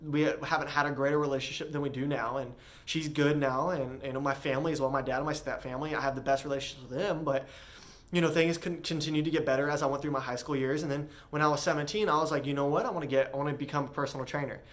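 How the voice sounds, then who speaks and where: A young man earnestly recounting his personal story, halting often with fillers and restarts. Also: fairly high pitch, fairly even intonation, a bit bright. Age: young adult.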